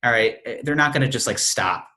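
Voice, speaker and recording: A man's voice: mid-range voice, a little fast, pushed and bright. A young man co-hosting a casual podcast, laid-back and opinionated, who swears freely. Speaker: podcast co-host.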